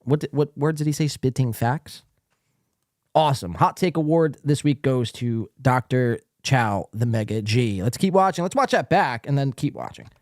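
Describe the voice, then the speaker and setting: Male podcast host, sarcastic and mocking, lively pitch, dry close sound. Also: normal speed, no echo. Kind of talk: mocking commentary over played clips.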